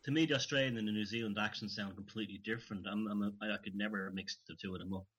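A man in casual conversation, emphatic and opinionated, pausing and restarting as he thinks. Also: fairly low pitch, fairly even intonation, a bit bright, slightly rough. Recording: dull lo-fi recording.

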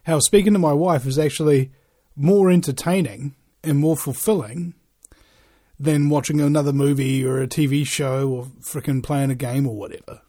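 A man's voice: a little high, fairly even intonation, normal speed, dark tone. A man giving a rambling, profane monologue, ranting and throwing out rhetorical questions.

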